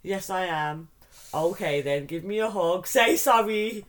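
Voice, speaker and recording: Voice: medium pitch, a little slow. A middle-aged podcast host, telling a family story in casual chat, acting out the other people's voices and swearing casually. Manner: animated, mimics voices in stories, swears casually.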